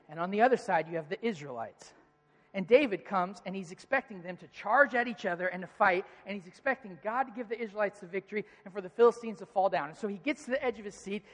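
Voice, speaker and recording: A preacher retelling a story to a congregation in a playful, animated, conversational way. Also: mid-range voice. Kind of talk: storytelling sermon. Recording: reverberant hall.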